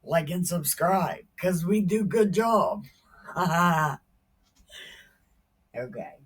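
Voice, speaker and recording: A woman's voice: on the low side, animated, drawn-out words, husky. A woman retelling Bible stories in an irreverent, joking way, often laughing and exclaiming. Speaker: Bible storyteller.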